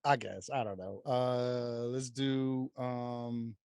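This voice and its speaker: A man's voice: medium pitch, steady tone, takes it slowly, darkish tone, clear, resonant tone. A man co-hosting a podcast in casual chat, hesitant and crude, trailing off with fillers. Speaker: podcast co-host. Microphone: podcast mic.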